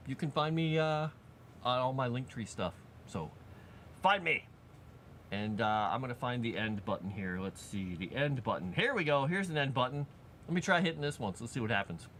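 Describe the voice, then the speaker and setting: Chatty man with a lively voice. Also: medium pitch, normal speed, a little hiss or hum. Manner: rambling and chatty, with many fillers and asides. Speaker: streamer. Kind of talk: casual live-stream chat.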